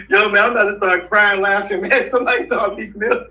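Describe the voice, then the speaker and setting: A man's voice: high voice, fairly even intonation, a little fast, bright, forceful tone, distant mic, a little hiss or hum, rough recording. A man talking as an interview guest, rambling through a story and laughing often. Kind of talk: casual rambling talk.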